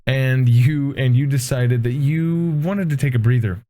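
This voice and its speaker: A man's voice: medium pitch, a little slow, mellow. A man narrating a tabletop role-playing game as game master, in a casual, profane way.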